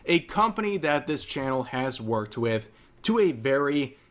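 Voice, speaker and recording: A man online creator ranting casually in a groggy morning voice, brisk and indignant. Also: mid-range voice, very animated. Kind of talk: casual video rant.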